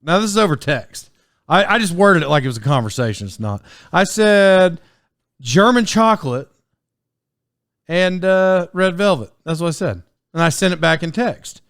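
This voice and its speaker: A man's voice: sits high, expressive, moderate pace, fairly bright tone, no echo, studio quality. A man in his forties telling stories on his solo podcast in a casual, rambling way, full of fillers and restarts. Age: 40s. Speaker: podcast host.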